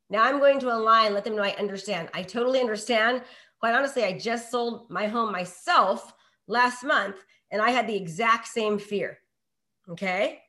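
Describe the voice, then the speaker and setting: A middle-aged woman coaching real estate agents in a live online session, energetic and full of rhetorical questions and checks of "okay?". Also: fairly high pitch, normal speed.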